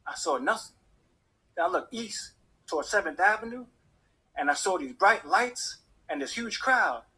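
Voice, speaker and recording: Brief: male storyteller, high and husky, lively swings in pitch. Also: normal speed. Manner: animated, acts out the voices of people in his story. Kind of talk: personal story told to an audience.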